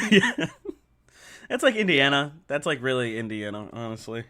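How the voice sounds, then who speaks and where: Animated man co-hosting a podcast. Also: medium pitch. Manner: playful, animated, quick to laugh. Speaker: podcast co-host. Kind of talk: casual chat.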